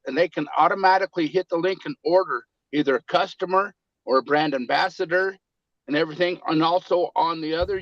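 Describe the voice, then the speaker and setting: A man's voice: on the high side, dry recording. Man on dull, dry call audio. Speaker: team member. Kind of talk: casual update on a group call.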